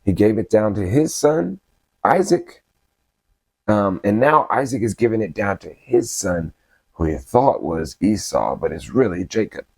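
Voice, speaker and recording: Low, mellow man riffing on scripture. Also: lively intonation, unhurried, vocal fry, breathy edge, no room sound. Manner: slangy, conversational, reads scripture aloud then riffs. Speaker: Bible commentator. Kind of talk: casual Bible study commentary.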